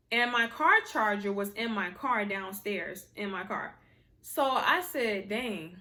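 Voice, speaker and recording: A young woman telling a personal story to her viewers in a casual, animated way, full of slang and exasperated asides. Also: medium pitch.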